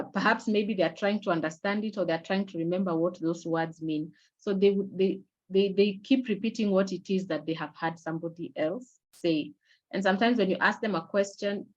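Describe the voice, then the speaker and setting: A middle-aged woman giving an online awareness lecture in a measured, explanatory way, pausing often on fillers and restarting her sentences. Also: on the low side, lo-fi sound. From Kenya. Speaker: webinar presenter. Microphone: video call.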